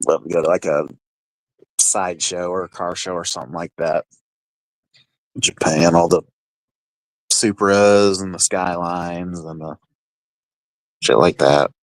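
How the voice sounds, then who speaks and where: A man's voice: low voice, fairly even intonation, unhurried, long pauses, dry recording, rough recording. A young man from the United States in his twenties, slightly tipsy, chatting casually and swearing on a livestream. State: tipsy from drinking.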